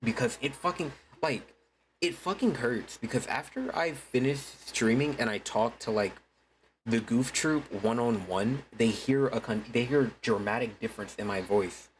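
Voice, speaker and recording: A man's voice: medium pitch, slight background noise. A man streaming live, chatting casually in a put-on streaming voice, rambling with many restarts and curses. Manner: uses a deliberately put-on streaming voice. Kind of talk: casual livestream chat.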